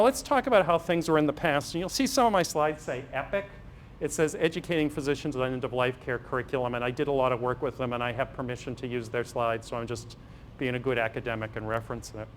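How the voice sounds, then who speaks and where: A man's voice: medium pitch, a little hiss or hum. A middle-aged man, a priest and physician giving an anecdotal parish talk and acting out dialogues with humor. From Massachusetts, USA. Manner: storytelling, acts out dialogues with humor. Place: parish hall.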